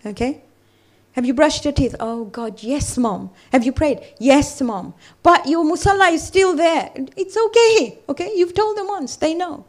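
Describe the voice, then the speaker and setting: A middle-aged woman giving a religious talk to a women's gathering, telling stories and asking the listeners direct questions. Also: extremely high pitch. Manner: animated, addresses the audience directly with questions; recites scripture rapidly in Arabic. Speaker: female religious speaker at a ladies' gathering. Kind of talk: religious lecture with storytelling.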